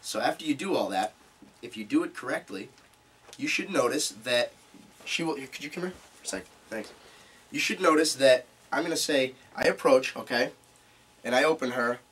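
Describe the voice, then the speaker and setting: A man presenting a live seminar to a small group, animated as he demonstrates different speaking tones. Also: mid-range voice, moderate pace, husky. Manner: animated, demonstrates vocal tones while explaining. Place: meeting room. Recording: distant mic with faint room noise.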